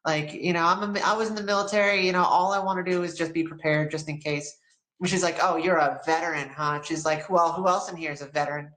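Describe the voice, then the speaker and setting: A woman's voice: fairly low pitch, fast talker, echoey room, rough recording. An American woman guest in an interview, telling a story casually and acting out the people in it. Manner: animated, acts out quoted people in her story.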